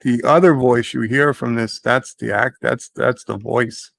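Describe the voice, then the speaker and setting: A man's voice: mid-range voice, steady tone, a little slow, vocal fry, a bit bright. A man chatting casually on a podcast, joking around in a put-on Scottish accent. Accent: fake Scottish. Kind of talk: casual chat.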